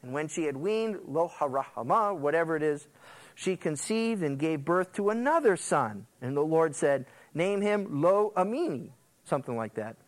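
A man's voice: on the high side, moderate pace. A man preaching a sermon, reading scripture aloud and reacting to it with asides and jokes for his congregation. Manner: animated, quips and laughs with the congregation. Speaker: pastor.

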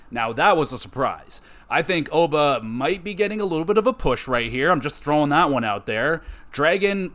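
Guy doing a chill wrestling recap podcast, mid-pitch voice, offhand play-by-play. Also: fairly bright tone. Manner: offhand, conversational play-by-play with quick verdicts. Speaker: podcast host. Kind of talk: casual wrestling show recap.

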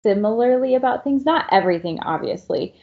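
A woman's voice: fairly high pitch, lively intonation, brisk. A middle-aged woman in casual podcast chat, talking frankly and swearing freely, with lots of likes. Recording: dull lo-fi sound.

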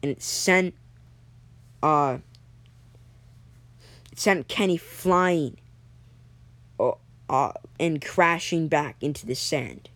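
Halting young improvising storyteller. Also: medium pitch, a bit bright, no echo. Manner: halting, with frequent restarts and self-corrections.

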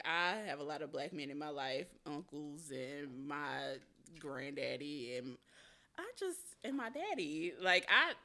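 A woman's voice: deep voice, pushed and bright. A woman hosting a podcast interview, chatting casually and expressively, laughing often and agreeing emphatically. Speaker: podcast host.

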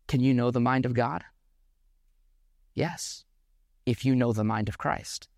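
A man's voice: mid-range voice, steady tone, normal speed, long pauses, darkish tone, dry recording, clean studio sound. A man preaching a sermon in an earnest, reflective way, sometimes restarting his sentences. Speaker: pastor.

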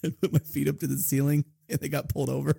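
A man's voice: fairly high pitch, level tone, quick pace, creaky, mellow, slightly rough, no echo, studio quality. A young man telling stories in a casual chat, laughing often and quoting people in a raised voice. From Maryland, United States. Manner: storytelling, laughs often, quotes others in raised voice. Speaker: podcast co-host.

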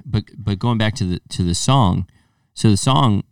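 Male podcast host, low and gravelly, quick interjector; dry, distant mic. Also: no room sound. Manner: chiming in with short interjections and asides. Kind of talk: casual chat.

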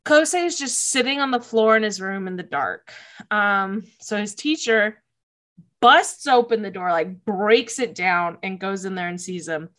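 A woman's voice: mid-range voice, lively intonation, a little slow, fairly bright tone. A woman casually recapping episodes of a show, emotional and gushing, laughing often and saying "like" a lot.

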